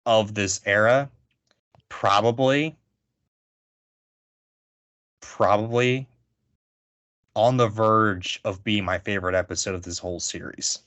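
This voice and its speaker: A man's voice: fairly low pitch, takes it slowly, pauses often, dry recording. A man co-hosting a podcast, chatting casually and rambling through thoughts with lots of fillers. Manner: rambling, filler-heavy, animated asides. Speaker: podcast co-host. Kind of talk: casual chat.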